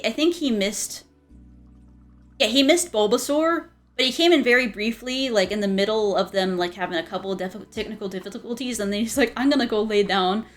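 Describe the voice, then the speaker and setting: A woman's voice: mid-range voice, fairly quick, faint music behind. A young woman streamer chatting casually, rambling with many restarts and frequent giggles. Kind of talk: casual chat.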